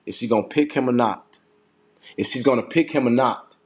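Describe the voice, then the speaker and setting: A political commentator with a medium-pitched, somewhat mellow voice speaks briskly in a furious rant. He swears often and circles back to the same lines for emphasis.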